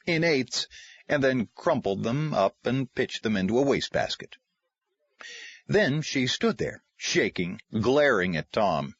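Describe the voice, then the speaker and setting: Husky male audiobook narrator. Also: on the low side, no echo. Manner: expressive, varied delivery. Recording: dry, slightly muffled lo-fi.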